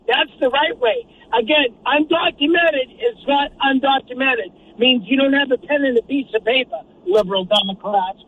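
A male caller with a very high voice, ranting mockingly and emphatically. He comes through a tinny phone line with faint traffic noise behind him. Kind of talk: call-in rant.

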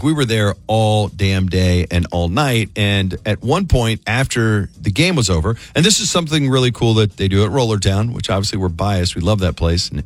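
A man's voice: fairly low pitch, no echo. A middle-aged man hosting a morning radio show, chatting loosely and telling a story with frequent fillers. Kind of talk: casual morning radio banter.

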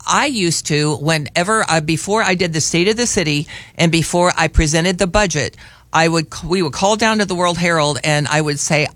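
A man's voice: fairly high pitch, a bit bright, no echo. Chatty older man hosting talk radio. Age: 60s. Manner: chatty storyteller, frequent restarts. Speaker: radio host. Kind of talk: casual talk radio chat. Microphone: studio mic.

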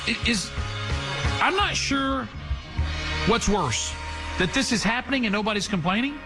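A man hosting talk radio, giving sarcastic, animated commentary. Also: very high-pitched, a little slow, over music.

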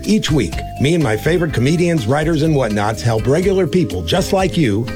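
A man's voice: on the high side, animated, a little fast, over music. A man hosting a comedy podcast, reading a promo in a dry, self-deprecating way. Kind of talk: scripted comic promo.

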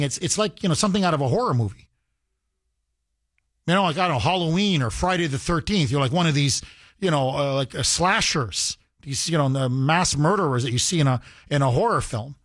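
A man's voice: on the high side, fairly bright tone, no room sound, studio quality. A man delivering heated political commentary to his audience, emphatic and repeating phrases for effect.

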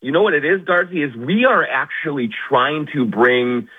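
A man's voice: on the high side, normal speed, slightly rough. A man calling in to a sports radio show, bantering in a mock-humble, sarcastic way. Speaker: phone-in guest. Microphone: phone. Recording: phone line.

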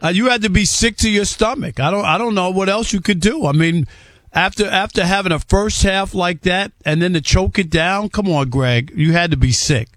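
A man's voice: sits high, normal speed, fairly bright tone, no room sound. A man co-hosting a sports talk radio show in a studio, greeting callers and reacting to them.

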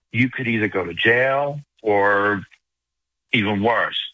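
An older caller with a strong New York accent speaks quickly and emphatically to a radio host. His voice is low and bright with a husky edge. The line sounds dry and close. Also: no room sound, low-quality recording. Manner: fast, emphatic, talks at length. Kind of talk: call-in radio talk.

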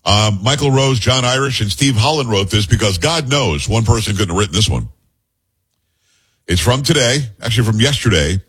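A man's voice: lowish voice, expressive, moderate pace, a bit bright, breathy edge. A man hosting a talk radio show, reading news stories aloud and breaking in with blunt personal opinions.

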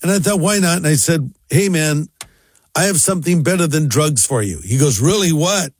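A man's voice: fairly high pitch, moderate pace, slightly rough, no room sound, clean studio sound. A male pastor telling a story and acting out both sides of a conversation, with faint music underneath. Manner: animated, acts out both sides of dialogue. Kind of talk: storytelling talk.

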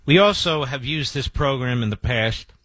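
A man's voice: medium pitch, lively intonation, moderate pace, fairly bright tone, dry recording. A man hosting talk radio, speaking emphatically and boastfully and repeating key phrases for effect. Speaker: radio talk show host.

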